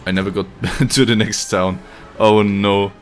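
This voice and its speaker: A man's voice: lowish voice, steady tone, a little slow, a little hiss or hum. A young man live-streaming a game, chatting casually with viewers, joking, swearing and laughing often.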